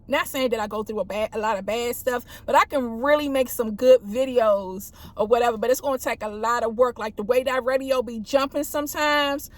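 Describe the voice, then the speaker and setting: A woman with a high voice tells stories from her police work in a loose, casual way. She acts out radio calls and lifts her voice for them. She speaks from a parked car. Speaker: police officer vlogger. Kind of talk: casual storytelling.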